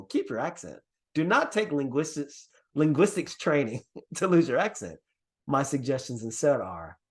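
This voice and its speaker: A man who grew up in the Caribbean, leading an online workshop over a video call in an earnest, encouraging way. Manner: earnest, encouraging, lively pitch swings. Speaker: workshop presenter.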